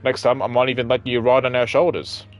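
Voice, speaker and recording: A man's voice: mid-range voice, flat delivery, brisk, lightly acted. A man reading the lines of an odd, playful female mech soldier in his own casual voice, stumbling now and then. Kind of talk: reading game dialogue aloud.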